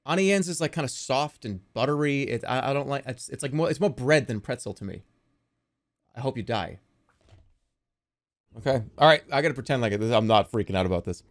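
A man streaming games live, chatting casually in a rambling, excitable way and often laughing at himself. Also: medium pitch, fairly quick.

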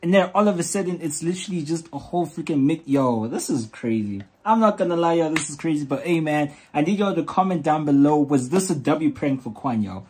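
A man hosting a reaction video, talking in an excited, repetitive way and urging viewers to comment. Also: a little high, a little fast, few pauses, husky. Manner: excited, repeats "yo" and "comment down below".

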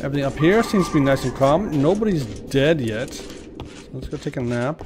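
Man, mid pitch, casual let's-play commentator, rambling and friendly with the game characters, faint hiss. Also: animated, a little fast. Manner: chatty, talks to game characters.

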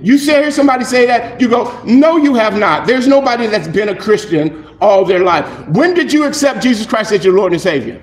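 A male pastor preaching a sermon in an animated, conversational way, acting out little dialogues. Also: high-pitched, a little fast, hardly any pauses, echoey room. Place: church.

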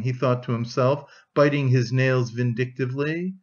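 A man's voice: mid-range voice, steady tone, moderate pace, hardly any pauses. Man reading a classic novel, lo-fi. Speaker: audiobook reader. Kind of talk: audiobook narration. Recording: dull lo-fi audio.

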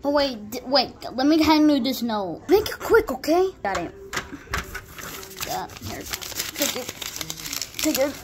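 A woman doing playful role-play commentary for a gaming video, excitable and jumping between hushed whispers and sudden yelps. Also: high voice, slow, pauses often, background noise.

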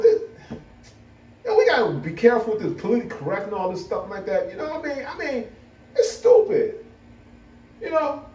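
A man chatting casually to camera as a vlogger, animated and laughing often. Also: extremely high pitch. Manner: animated, laughing, full of "you know". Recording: roomy, from a distance.

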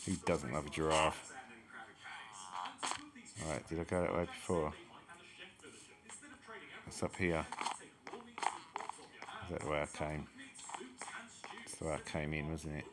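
A deep-voiced man drawls through a game tour, chatty and quick to exclaim at what he spots. A clear crowd murmur runs behind his voice. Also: fairly even intonation. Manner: chatty, exclaims at each discovery. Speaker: gaming channel host. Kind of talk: casual let's-play commentary.

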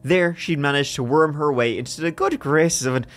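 A man's voice: on the high side, normal speed, a bit bright, faint music behind. A man co-hosting a podcast, telling a true-crime story in a casual, joking way. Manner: joking, laughs between story parts. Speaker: podcast co-host.

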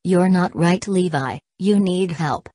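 A woman voicing a betrayed, desperate young man in an audiobook, reading in a flat, literal way. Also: on the low side, slow pace, no room sound, studio quality. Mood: anguished. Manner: reads punctuation marks aloud.

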